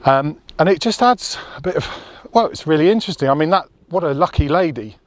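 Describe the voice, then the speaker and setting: A man's voice: a little high, expressive, a little fast, no room sound. A man chatting to his handheld camera while walking a country road, talkative and rambling. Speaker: outdoor vlogger. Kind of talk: casual chat to camera.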